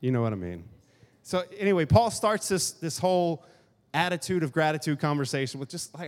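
Male pastor, casual joking sermon, slightly high voice, long hall reverb. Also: lively intonation, brisk. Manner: joking, conversational, acts out grumbling asides.

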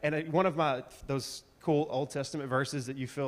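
A man preaching a casual, chatty sermon full of slang and animated asides. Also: mid-range voice, moderate pace. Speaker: pastor. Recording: reverberant church hall.

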